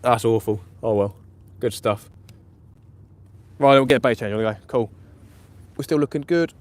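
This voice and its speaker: A man commenting live on his night fishing session, chatty and excitable, laughing often, outdoors by the water. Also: medium pitch, normal speed. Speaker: fishing vlogger. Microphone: camera or phone mic on a live stream.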